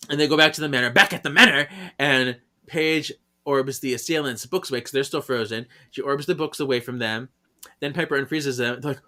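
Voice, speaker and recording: A man with a bright, forceful voice recaps a story in loose, casual podcast chat. He giggles often and slips into quick high voices for the characters' lines. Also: steady tone. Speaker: podcast co-host.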